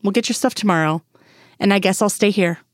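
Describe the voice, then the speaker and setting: A woman's voice: medium pitch, a little fast, no echo, clean studio sound, lightly acted. A woman voicing a wry grown man, a teasing FBI agent, in a fan story reading. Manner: teasing, laughing.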